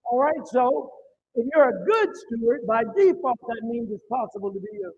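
Very high-voiced man preaching a sermon. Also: lively intonation, moderate pace, darkish tone, a little hiss or hum. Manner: emphatic preaching with call-and-response to the congregation. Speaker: pastor. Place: church. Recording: dull muffled sermon recording.

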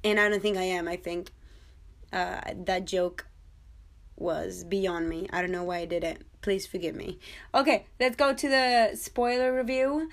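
A woman in her twenties hosting her own podcast, chatting excitedly and jokily about a TV episode and talking straight to her listeners. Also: medium pitch, measured pace. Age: 20s. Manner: chatty, excitable, jokey, talks to listeners directly. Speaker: podcast host. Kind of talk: casual TV episode review.

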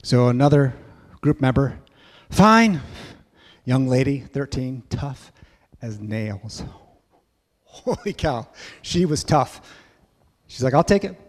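A man telling a story in a sermon at church, lively and acting out voices. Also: mid-range voice, slow, pauses often, in a large hall. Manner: animated storyteller, acts out kids' voices. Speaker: church speaker.

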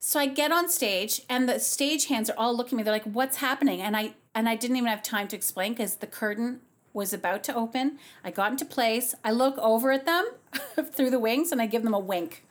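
A woman opera singer chatting as a podcast guest, telling animated stories with lots of giggling. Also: a little high, a little fast. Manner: giggly, animated storyteller who acts out voices. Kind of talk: casual podcast chat.

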